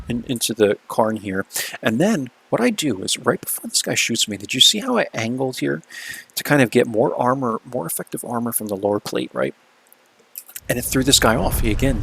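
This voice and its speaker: A man's voice: mid-range voice, vocal fry, fairly bright tone, breathy edge. A man casually talking through replays of his own games as the video's host, laid-back and chatty, often checking in with "right?".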